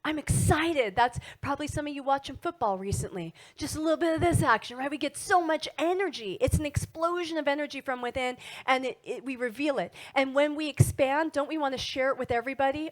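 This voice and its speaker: A middle-aged woman giving a motivational wellness talk to an audience, animated and asking frequent tag questions. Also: high voice, fairly quick, hardly any pauses. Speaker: wellness speaker.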